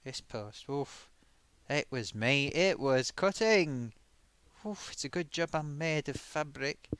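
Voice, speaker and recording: A cheeky sock puppet host voiced by a man chats through viewer comments. His voice sits a little high. It sounds close and dry, and he keeps slipping in oofs and sighs. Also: expressive, slow pace, fairly bright tone, clean tone, dry recording. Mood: chatty. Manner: chatty, full of oofs and sighs. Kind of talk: live-stream chat.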